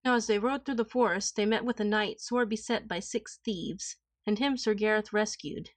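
A woman's voice: medium pitch, fairly even intonation, moderate pace, no room sound. Woman narrating an old legend, dry close. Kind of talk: storybook narration.

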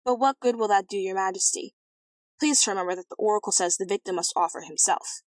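A woman voicing a cool, blunt young prince in a storybook reading, calm and matter-of-fact. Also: medium pitch, quick pace, no echo, close to an everyday voice.

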